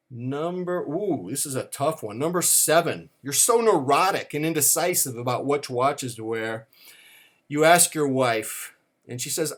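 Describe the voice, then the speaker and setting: A man's voice: medium pitch, expressive, normal speed. A middle-aged man giving a comic countdown to camera in a playful, mock-serious way. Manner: playful, mock-serious, acts out quoted dialogue. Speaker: watch vlogger.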